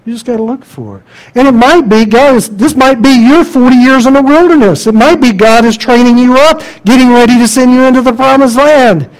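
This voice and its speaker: A man preaching a sermon, emphatic and conversational, asking the congregation rhetorical questions and dropping to quiet asides. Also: very high-pitched, fairly quick, low-quality recording.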